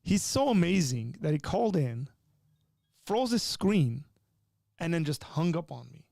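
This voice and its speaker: A man hosting a live call-in stream. His voice is mellow and gravelly, and it sounds dry and close. He teaches and jokes in an animated way, pushing hard on the points he stresses. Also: fairly high pitch, measured pace, dry recording. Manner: animated and joking, teaching with rising emphasis. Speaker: livestream host. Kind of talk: live call-in show chat.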